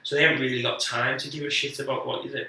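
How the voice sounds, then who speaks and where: Bright-voiced man, echoey room. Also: mid-range voice, little pitch movement. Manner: rambling, sweary anecdotes with quick self-mocking asides. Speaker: guest comedian. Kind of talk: casual podcast storytelling. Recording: echoey room, speaker distant from the mic.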